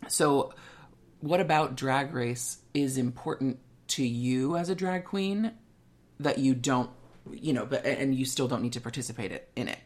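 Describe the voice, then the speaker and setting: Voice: mid-range voice, lively intonation, measured pace. A podcast host asking long, rambling questions in a casual chat, full of fillers.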